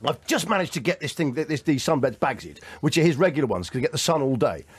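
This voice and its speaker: Husky animated man telling stories. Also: on the high side, fast talker, dry recording. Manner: rambling, animated storytelling, laughs often. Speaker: radio host. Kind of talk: casual chat and anecdotes.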